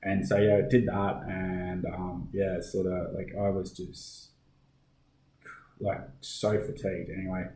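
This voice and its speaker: A middle-aged Australian man recounts his police work in a loose, conversational way, stacking fillers and restarting sentences as he goes. His voice sits on the lower side, and the room gives it a noticeable echo. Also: flat delivery, a little slow, warm tone. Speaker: guest, police officer. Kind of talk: casual podcast interview.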